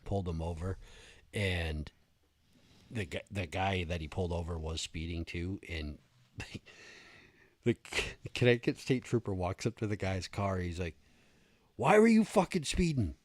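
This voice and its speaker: A man's voice: sits low, moderate pace, pauses often, no room sound. A man co-hosting a podcast, telling stories in a casual, profane way on a close mic. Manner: storytelling, profane, laughing. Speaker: podcast co-host. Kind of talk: casual chat.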